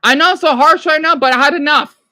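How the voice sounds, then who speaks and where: A man's voice: extremely high pitch, fast, pushed and bright. A man ranting on a live stream, agitated, swearing often, stumbling over restarts and answering his chat. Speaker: livestreamer.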